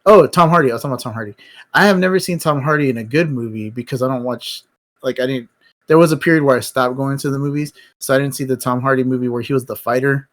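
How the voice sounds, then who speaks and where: A fast-talking stream host with a medium-pitched, fairly bright voice. He rambles on about movies in a casual, blunt way, dropping frequent swear words.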